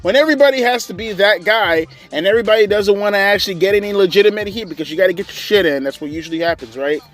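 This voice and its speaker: A man's voice: high-pitched, very fast, fairly bright tone. A man ranting through a casual, profane, sarcastic wrestling show review.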